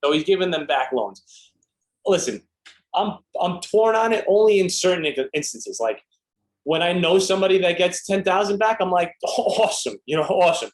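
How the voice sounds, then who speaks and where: High-voiced ranting man in an echoey room. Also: animated, normal speed. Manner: profane, ranting and opinionated. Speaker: podcast co-host. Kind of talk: casual podcast chat.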